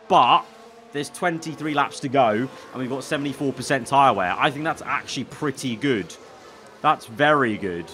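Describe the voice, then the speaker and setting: Bright-voiced man commentating a game. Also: mid-range voice, slight background noise. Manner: excitable, talks to himself while managing the race. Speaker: gaming YouTuber.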